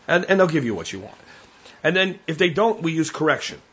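A man's voice: a little high, very animated, a little fast, fairly bright tone, husky, dull audio. A man hosting a podcast, talking casually and bluntly in a folksy way, often acting out what his dog is thinking. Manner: blunt, folksy, acts out his dog's thoughts. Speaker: podcast host. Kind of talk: casual monologue. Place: at home with his dog beside him.

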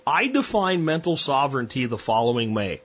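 A man's voice: mid-range voice, very animated, normal speed, fairly bright tone, slightly rough, highs cut off. A man hosting a solo podcast, talking bluntly and at length through long, rambling analogies. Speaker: podcast host.

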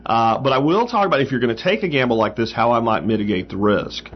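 A man's voice: medium pitch, fast, dull audio. A man hosting a show, casually answering listener mail with frequent fillers and emphatic asides. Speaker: podcast host.

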